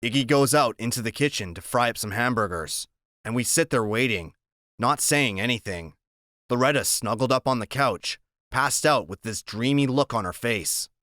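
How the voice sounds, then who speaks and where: A man reading a first-person story aloud as an audiobook narrator, steady and plain. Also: mid-range voice, normal speed, no room sound, studio quality.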